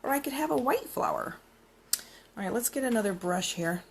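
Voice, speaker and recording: A woman's voice: on the high side, lively intonation, a little fast, a little hiss or hum, poor audio. A woman narrating her painting in a casual craft vlog, thinking aloud and musing as she works. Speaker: craft vlogger.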